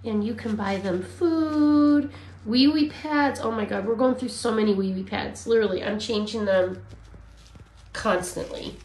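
A woman's voice: fairly high pitch, unhurried, darkish tone. A woman filming rescue puppies for a casual vlog, cooing at the dogs in baby talk. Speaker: dog rescue volunteer. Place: indoor room with dogs. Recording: echoey room, faint background noise.

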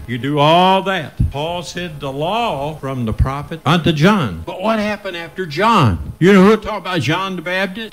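An older man with a Midwestern American accent preaching a folksy revival sermon in church, breaking into cries of praise. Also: fairly high pitch. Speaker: pastor. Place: church sanctuary.

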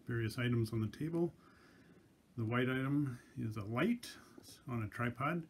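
A man's voice: medium pitch, moderate pace, slight background noise. A man making a casual vlog from a basement back bedroom, talking plainly to the camera into a small tabletop microphone with dry, self-deprecating humor. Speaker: vlogger. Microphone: small tabletop mic on a tripod.

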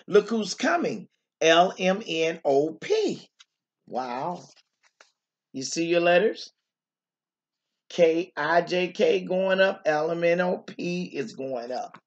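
A woman's voice: fairly low pitch, animated, slow, dull audio. A woman teacher reading a picture book aloud to young children, stopping often to exclaim and to ask them questions.

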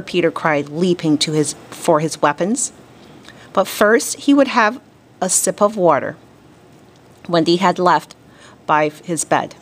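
Teacher lady reading a kids chapter book aloud, kinda low voice, lots of expression. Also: a little hiss or hum. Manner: expressive, deliberate storytelling. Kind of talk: classroom read-aloud.

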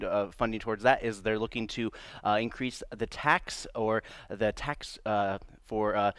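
A male morning-show host reads through local news in a small studio, pausing often on fillers. The sound is dry and close. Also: lowish voice, fairly bright tone, smooth, no room sound. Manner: halting, many filler pauses.

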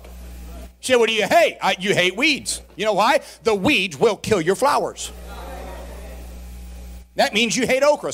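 A man with a strikingly high voice preaches in a church sanctuary. He moves between slow, drawn-out emphasis and shouted peaks, calling for responses from the congregation. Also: a little hiss or hum. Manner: folksy, humorous asides to the congregation. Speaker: pastor. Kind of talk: sermon.

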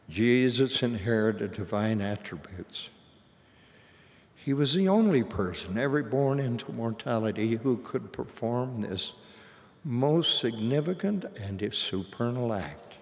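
Older man, sermon, solemn and reverent, very slow, long hall reverb. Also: medium pitch, darkish tone. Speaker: church leader. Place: large assembly hall.

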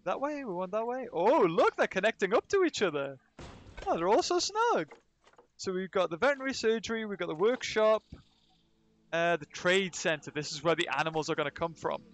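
Speaking briskly in a high, very animated voice, a man livestreams a zoo-building game and chats with viewers, replying to their chat as he plays. He is a let's play streamer recovering from illness, giving casual commentary.

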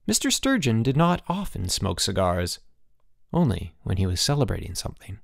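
A man reads a children's novel aloud as an audiobook narrator. His delivery is expressive, and his pitch moves a great deal. The recording is dry and close. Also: normal speed, creaky, no echo. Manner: expressive storytelling. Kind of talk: scripted narration.

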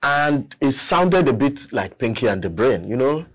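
A man, a guest artist, telling a story in casual chat, animated and laughing often as he acts out quotes. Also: mid-range voice, a little slow, breathy edge. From Nigeria.

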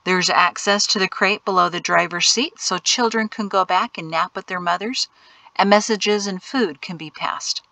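A woman reading an audiobook, voicing a calm, capable man who guides a family and gives steady instructions. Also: mid-range voice, moderate pace, creaky, dry recording, poor audio. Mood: explaining.

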